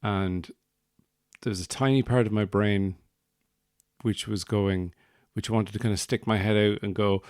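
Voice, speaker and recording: Irish male podcast host, low voice, dry close sound, digressive comic storyteller. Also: steady tone, measured pace, darkish tone, smooth, dry recording. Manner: rambling, digressive, wry.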